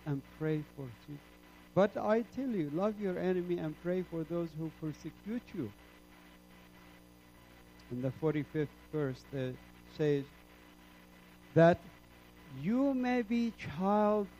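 High-voiced impassioned man preaching slowly. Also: highs cut off, a little hiss or hum. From Middle East. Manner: emphatic, swinging from low and soft to loud peaks. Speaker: preacher giving his testimony. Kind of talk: impassioned sermon testimony.

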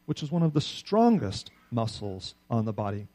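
A middle-aged man preaching a sermon in a conversational, animated way, often asking his listeners "right?". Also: mid-range voice, moderate pace, hardly any pauses. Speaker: pastor.

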